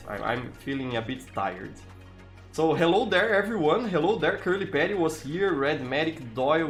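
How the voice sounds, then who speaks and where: A tired man from Brazil with a Brazilian accent, chatting casually as a live streamer and greeting viewers by name. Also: on the high side. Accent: Brazilian Portuguese. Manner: greets viewers by name, frequent restarts, relaxed.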